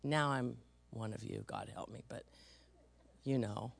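A woman's voice: extremely low pitch, a little slow, gravelly. A middle-aged woman from San Francisco preaching a sermon, telling personal stories and acting out the voices she quotes with emphasis.

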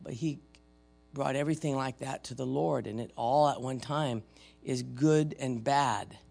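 Gravelly-voiced older male preacher. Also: medium pitch, unhurried, soft background music. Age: 50s or older. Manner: conversational preaching, dramatic readings of scripture, swings between loud and soft. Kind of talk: sermon.

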